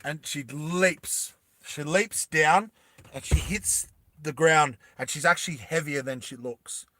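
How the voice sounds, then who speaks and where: A man casually telling a story to his live chat, animated, laughing often and acting out the characters. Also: a little high, takes it slowly, dry recording, studio quality.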